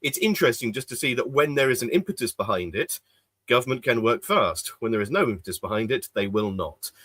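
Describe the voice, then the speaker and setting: A man's voice: mid-range voice, expressive, a little fast, a bit bright, no room sound. A man co-hosting a casual podcast chat, rambling with lots of fillers and restarts. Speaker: podcast co-host. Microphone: desk mic in an office.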